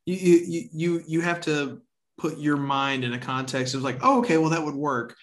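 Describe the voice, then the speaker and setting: A man's voice: a little high, fairly even intonation, moderate pace, a bit bright. A man, a guest on a podcast, chatting casually and stammering, repeating words as he thinks aloud. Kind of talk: casual chat.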